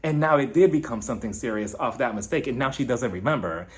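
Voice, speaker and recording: A man hosting a casual reality TV recap, talking in an animated way and now and then jumping high to mimic the cast. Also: quick pace. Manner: animated, shifts into high-pitched impressions when quoting. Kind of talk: casual commentary.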